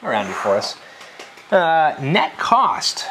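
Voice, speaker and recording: Lively-voiced man co-hosting tech news. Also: medium pitch, moderate pace, slight background noise. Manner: reads figures with playful emphasis. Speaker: co-host of a live tech news show. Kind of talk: casual tech news chat. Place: studio.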